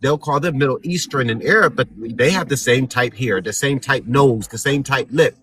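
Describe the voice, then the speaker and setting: A man's voice: mid-range voice, normal speed, fairly bright tone, breathy edge. A man arguing his point in a casual panel discussion. He repeats points for emphasis and acts out the questions people ask him.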